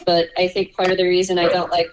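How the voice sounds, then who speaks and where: A woman's voice: lowish voice, monotone, fast talker, slight background noise, rough recording. A young woman, a music student and songwriter, chatting casually and saying "like" a lot. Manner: laid-back, lots of "like". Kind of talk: casual chat.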